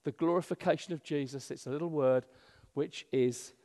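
A male pastor preaching a sermon in a church, animated, swinging between loud emphasis and hushed asides. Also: a little high, moderate pace. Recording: long hall reverb.

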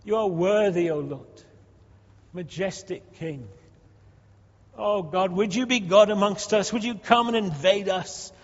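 A man's voice: high-pitched, unhurried. A man, a pastor leading his church in fervent prayer with repeated, rising pleas. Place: church hall. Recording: dull sound with long hall reverb.

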